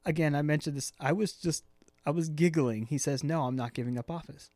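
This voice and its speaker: A laid-back man co-hosting a casual podcast, joking around and dropping easy agreements. His voice sits a little higher than most men's. The sound is close and dry. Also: fairly quick, darkish tone, dry recording. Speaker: podcast co-host. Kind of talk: casual chat.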